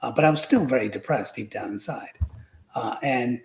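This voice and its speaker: A man's voice: medium pitch, moderate pace, creaky, roomy sound, noisy background. A man, a podcast guest, telling stories from his school years in a rambling, casual way, full of fillers and restarts. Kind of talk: casual storytelling.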